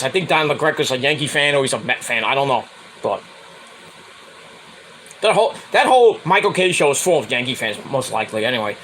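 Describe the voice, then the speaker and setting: Animated, high-voiced man ranting. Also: slight background noise, low-quality recording. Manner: profane, heated, rambling. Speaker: streamer hosting his own show. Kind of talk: casual sports rant.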